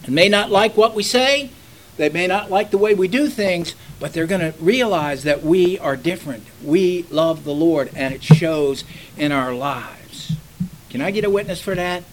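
A man's voice: high-pitched, normal speed, a little hiss or hum, rough recording. An older man, a pastor preaching a sermon in a folksy storytelling manner that rises into fervent exhortation.

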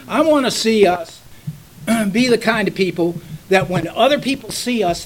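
A man's voice: sits high, animated, moderate pace, rough recording. An older man, a pastor preaching a sermon in a folksy storytelling manner that rises into fervent exhortation.

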